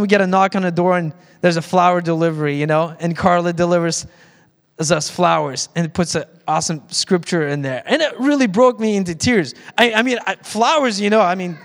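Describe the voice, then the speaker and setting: A man preaching a conversational sermon as pastor, with frequent restarts, in a church sanctuary. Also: high voice. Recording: long church hall reverb.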